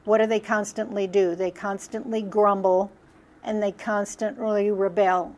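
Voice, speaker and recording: A woman teaching a Bible study lesson in a middle-pitched voice. She often poses rhetorical questions to her class and then answers them herself. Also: level tone, a little slow, darkish tone.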